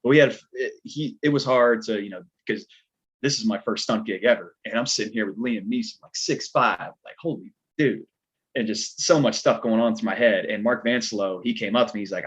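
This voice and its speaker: A man's voice: on the low side, a little fast, husky. A man with a Southern American twang, a stuntman guest on a podcast, telling a story in a laid-back, rambling way full of filler words. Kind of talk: casual storytelling chat. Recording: dull lo-fi podcast audio.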